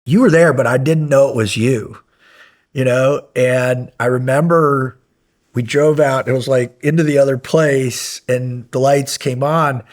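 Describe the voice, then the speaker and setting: A man who is a podcast guest, reminiscing in a lively way and repeating himself as he talks. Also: mid-range voice, a little slow. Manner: animated, laughing, repeats himself. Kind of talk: casual chat, reminiscing.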